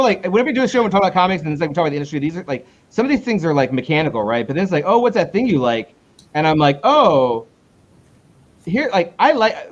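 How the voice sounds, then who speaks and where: A man talks casually as a guest in an interview, rambling and cutting himself off as he works his way back to his point. His voice sits a little high for a man, and the recording sounds muffled and lo-fi. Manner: rambling, self-interrupting, with quick pitch jumps when retelling. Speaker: comic book creator, guest.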